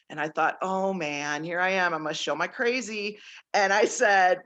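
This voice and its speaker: A woman guest on a casual interview, telling personal stories in an animated way and laughing often. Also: on the low side, normal speed. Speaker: guest author, nature intuitive.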